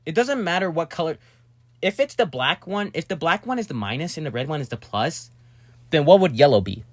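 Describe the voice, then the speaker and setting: A young man casually narrating a hobby build, rambling and talking to himself with sudden excitable outbursts. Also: fairly high pitch, a little fast, dry recording.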